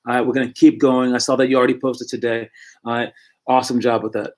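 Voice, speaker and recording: A male youth basketball coach talks to his young players in a relaxed, encouraging way, often stopping to correct himself mid-sentence. His pitch sits in a plain middle range for a man. He speaks from home into a computer microphone. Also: fast. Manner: casual, encouraging, self-correcting. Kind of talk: motivational talk to young players.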